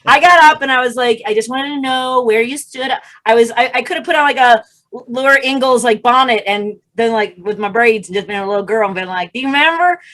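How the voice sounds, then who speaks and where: Animated high-voiced woman comedian. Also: fairly quick. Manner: animated, acts out quotes, laughs often. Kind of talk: stand-up storytelling. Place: home video call. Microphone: video call.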